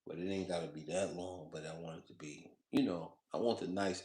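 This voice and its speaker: A man's voice: deep voice, fairly even intonation, fast talker, a little mellow. Loose, slangy man rambling in an echoey room. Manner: loose, slangy, profane, laughs often; repeats himself and talks to the viewer. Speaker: food vlogger. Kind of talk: casual rambling monologue.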